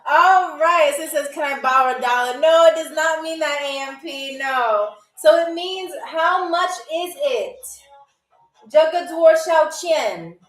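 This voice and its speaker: A woman hosting a live trivia game show, chatting playfully with commenters and spelling out foreign phrases slowly. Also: sits high, distant mic. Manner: playful, teasing chat with commenters. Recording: echoey room, away from the mic, faint music.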